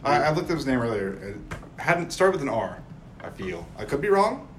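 Podcast co-host, male, animated and jokey delivery, voice swinging up and down. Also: medium pitch, normal speed, slight background noise. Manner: joking, lively banter. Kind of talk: casual chat.

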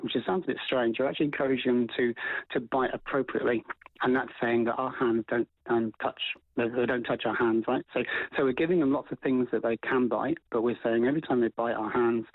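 A man talks quickly and eagerly, his words tumbling out with plenty of ums and restarts. He is on a thin, tinny phone line with a dry sound. He explains dog training as a guest on a radio programme. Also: medium pitch, no echo. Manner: fast, animated, many fillers and restarts. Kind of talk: radio interview advice.

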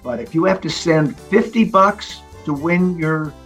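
Older man telling lively stories. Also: a little high, a little slow, faint music behind. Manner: animated, chuckling storyteller. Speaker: guest, consumer protection official. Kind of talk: conversational interview storytelling.

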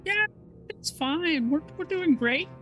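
A woman's voice: extremely high pitch, animated, slow pace, a bit bright, faint music behind. A woman playing a ship captain in a tabletop game, friendly and eager to please. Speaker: player. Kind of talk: in-character tabletop role-play.

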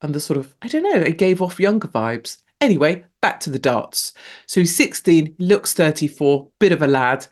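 A woman hosting a show in a casual, rambling monologue. She laughs often and her pitch leaps up sharply for emphasis. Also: sing-song, moderate pace, darkish tone. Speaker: show host.

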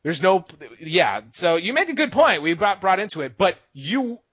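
Lively, emphatic man on a podcast. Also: sits high, moderate pace, slightly rough, dry recording. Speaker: podcast co-host. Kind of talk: casual podcast chat. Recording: dull, lo-fi sound.

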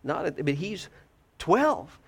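Slow, gravelly preacher man. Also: a little high. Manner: animated storytelling, repeats words, jokes about himself. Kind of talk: sermon.

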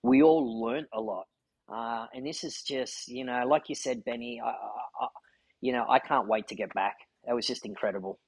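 A man's voice: mid-range voice, fairly even intonation, normal speed, husky, no room sound, low-quality recording. A man hosting a podcast, telling a story in an earnest, heartfelt way. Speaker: podcast host. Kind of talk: casual chat.

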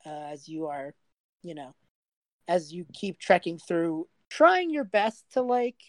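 A woman's voice: lowish voice, big pitch swings, slow. A young adult woman narrating a tabletop game as game master in a casual, rambling way with many fillers.

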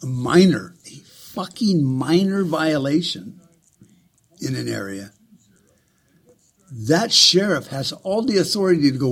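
A man delivering a heated, profane, sarcastic ranting monologue in a husky voice. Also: fairly high pitch, animated, normal speed.

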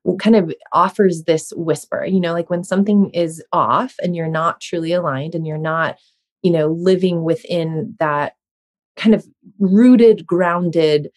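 A woman's voice: on the low side, measured pace. A woman in her thirties hosting a conversation, chatty and self-deprecating, laughing often as she talks. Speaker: host. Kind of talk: casual podcast chat.

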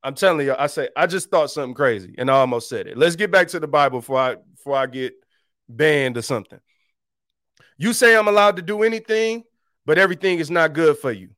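A man's voice: fairly high pitch, dry recording, clean studio sound. A young adult man hosting a faith podcast, teaching scripture in a casual, joking way with slang. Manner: animated and joking, with street slang, mocking voices in quotes. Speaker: podcast host.

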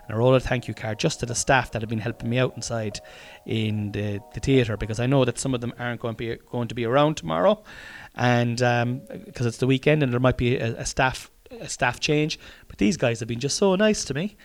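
Slightly fast and mid-range, the voice belongs to a man from Ireland running his own podcast. He drifts along in a weary, offhand diary manner, cursing a lot and breaking off to begin sentences again.

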